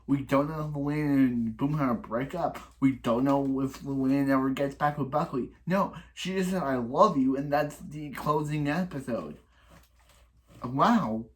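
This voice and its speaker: Rambling man recapping an episode. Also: a little high. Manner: rambling with many restarts and repeated phrases; exasperated complaining. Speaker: reaction video host.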